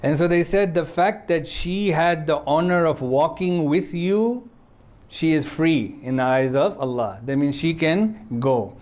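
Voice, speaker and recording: A man preaching in a relaxed, conversational way, telling a story and often pausing to check in with his listeners. His voice sits a little high for a man, and he runs through short Arabic quotations quickly before explaining them. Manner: conversational, frequent checking "yeah?" with audience; quotes Arabic passages swiftly. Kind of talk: sermon storytelling.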